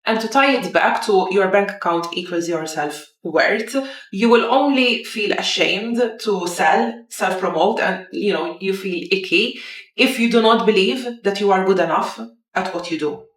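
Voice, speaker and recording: A young woman coach gives a motivational talk, direct and emphatic, driving her points home with rhetorical questions. Her voice sits at an ordinary middle pitch for a woman. The room around her rings with noticeable echo. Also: unhurried. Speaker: business coach. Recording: roomy echo.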